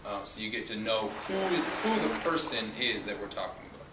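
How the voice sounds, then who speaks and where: A male teacher walks through a lesson patiently, repeating words and spelling out their endings. His voice sits at an ordinary pitch but sounds roomy and set back from the mic. Steady noise runs under it. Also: moderate pace, far from the mic. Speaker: Spanish teacher. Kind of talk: explanatory lesson. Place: outdoors at a beach.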